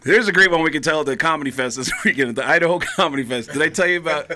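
A male comedian chatting and telling stories as a guest in a radio studio. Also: a little high. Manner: animated, jokey, quick impressions. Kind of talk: casual radio chat, storytelling.

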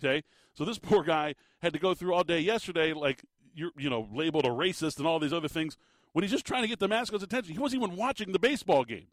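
A man's voice: on the high side, fast, no echo. Exasperated man ranting, dry sound. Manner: animated, exasperated, many restarts. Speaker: commentator. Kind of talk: opinionated monologue.

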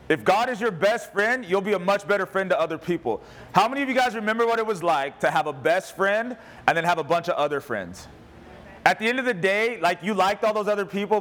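A pastor preaching a conversational sermon with emphatic, humorous delivery. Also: male voice, sits high, fairly bright tone.

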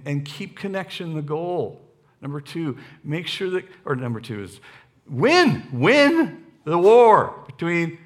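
In a church sanctuary, a middle-aged man with a voice on the high side preaches as a guest speaker into a stage microphone. He's lively and joking, repeating lines for emphasis.

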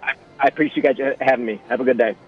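A man's voice: mid-range voice, steady tone, very fast, husky, faint music behind. A man as a guest sports reporter on a radio show, talking hesitantly and repeating his words. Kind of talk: remote radio interview. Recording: dry, dull remote line.

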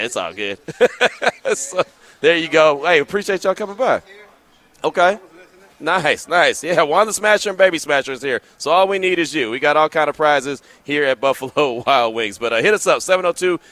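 A man hosting a sports radio show live from a sports bar, telling stories in animated casual slang. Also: on the high side, normal speed, dry recording. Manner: animated storytelling, drawling slang.

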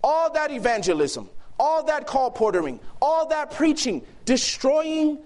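A man preaching a sermon to a youth gathering, emphatic and shifting between loud and hushed delivery. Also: extremely high pitch, big pitch swings, unhurried. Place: youth camp meeting hall.

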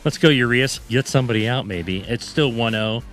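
A man's voice: mid-range voice, over music. A man co-hosting a sports talk show, telling stories and ranting animatedly. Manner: animated storyteller, quick to rant. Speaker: sports radio co-host. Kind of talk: casual sports chat.

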